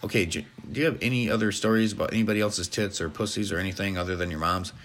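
A man's voice: low-pitched, racing, a bit bright. A man hosting a crude comedy podcast, offhand and full of swearing and fillers. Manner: profane, offhand, hesitant fillers. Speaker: podcast host.

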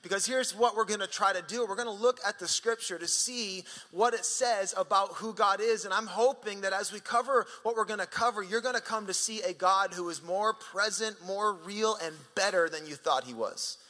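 A man preaching a sermon as pastor in a church auditorium, animated and jokey. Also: high-pitched, moderate pace, few pauses. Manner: animated, jokey, raps a song line for laughs. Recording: long hall reverb with faint music.

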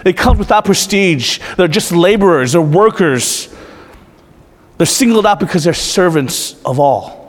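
A man's voice: high voice, lively intonation, a little slow, big-room sound. A man preaching as pastor in an earnest, emotional and confessional way, often asking his listeners questions. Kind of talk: sermon.

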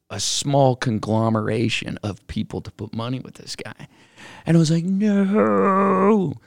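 Middle-aged man, low and gravelly, casual animated storyteller who acts out the dialogue. Dry sound. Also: dry recording. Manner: animated, acts out quoted voices, many fillers. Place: office.

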